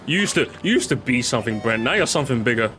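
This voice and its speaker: A man's voice: mid-range voice, lively intonation, very fast, bright, forceful tone. A young man chatting casually with viewers as he plays, rambling and swearing freely, with game music behind him. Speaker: streamer. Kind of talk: casual gaming commentary.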